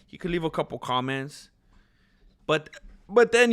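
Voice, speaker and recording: A man's voice: a little high, very animated, a little slow, fairly bright tone, smooth, no room sound, clean studio sound. A man hosting his channel, chatting casually and rambling with lots of fillers and restarts, hiccuping and burping as he talks. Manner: rambling, self-deprecating, many fillers and restarts. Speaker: channel host. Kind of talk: casual livestream chat.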